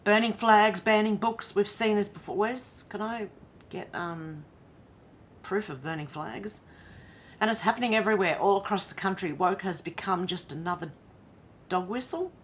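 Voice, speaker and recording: A woman's voice: medium pitch, moderate pace, slight background noise. An Australian woman hosting a livestream from home, reading news aloud and reacting with exasperated, incredulous commentary. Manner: exasperated, incredulous, breaks into laughter. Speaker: livestream host.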